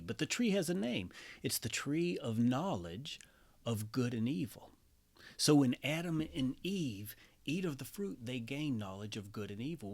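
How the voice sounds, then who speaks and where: A man with a mid-range voice telling a familiar story in a relaxed, chatty way. His talk is loose and full of asides and small fillers. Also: medium pitch. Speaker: storyteller and songwriter.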